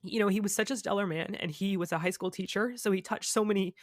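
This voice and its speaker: A woman's voice: medium pitch, quick pace, dry recording, clean studio sound. A woman guest on a podcast, talking candidly in a chatty, rambling way with many fillers. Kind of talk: candid conversational interview.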